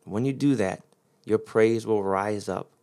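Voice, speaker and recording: Gravelly-voiced man preaching a sermon. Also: on the low side, measured pace, dark tone. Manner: teaching Greek grammar of scripture, emphatic.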